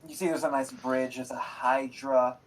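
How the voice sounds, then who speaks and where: A man's voice: mid-range voice, little pitch movement, moderate pace, noisy background. A man running a tabletop game as game master, talking casually, laughing often and swearing freely. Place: streamed online game session.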